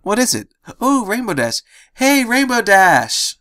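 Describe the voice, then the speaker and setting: A man's voice: mid-range voice, fairly quick, no echo, clean studio sound, close to an everyday voice. A man putting on a squealing hyper pink pony girl. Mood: excited. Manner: squealing, excitable.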